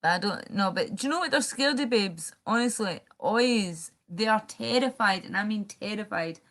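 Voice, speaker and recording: A woman's voice: mid-range voice, expressive, moderate pace, a bit bright. A Scottish woman rambling and swearing on a live stream, chatting directly to her viewers. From Scotland.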